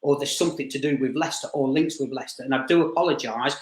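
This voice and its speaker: A man giving a live spirit reading as a medium, talking in halting bursts full of restarts and repeated fillers. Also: medium pitch. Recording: roomy echo.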